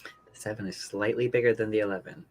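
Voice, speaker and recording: A man's voice: fairly low pitch, steady tone, fast talker, a little mellow, slight background noise. A man playing a tabletop game, joking and chatting casually with the table. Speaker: player.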